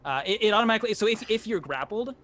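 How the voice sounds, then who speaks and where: A man's voice: high voice, expressive, very fast, pushed and bright, slight background noise. A man running a tabletop game as game master, narrating combat loosely with fillers and swearing.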